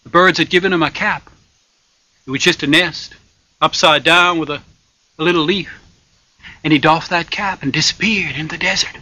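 A man telling a folk tale in a lively, folksy way, dropping to loud whispers for suspense, with a raspy voice. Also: a little high, normal speed, long pauses, no echo. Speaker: storyteller. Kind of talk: told folk tale with sung bits.

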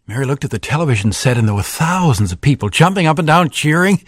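A man telling a children's story aloud, lively, with sound effects and cheers. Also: mid-range voice, a little fast, few pauses, no echo, clean studio sound. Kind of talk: animated oral storytelling.

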